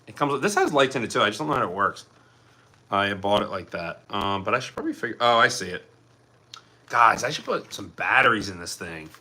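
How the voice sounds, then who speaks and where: A male streamer with a strikingly bright, tense voice talks loosely to his chat, wandering from thought to thought while he fiddles with things on his desk. A faint hiss sits under the sound. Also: lowish voice, expressive, brisk. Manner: rambling, distracted, chatty while fiddling with props. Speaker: live streamer. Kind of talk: casual live-stream chat to viewers.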